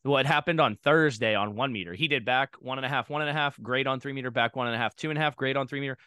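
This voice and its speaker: A man co-hosting a podcast, an animated storyteller who acts out what people said. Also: medium pitch, fast, smooth, no echo, clean studio sound. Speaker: podcast co-host, diving coach. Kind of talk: podcast interview.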